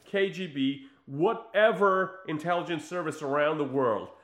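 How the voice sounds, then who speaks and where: Animated man in an echoey room. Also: fairly high pitch, unhurried. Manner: animated, laughing, swearing, acts out scenes. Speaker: podcast co-host. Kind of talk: casual film chat.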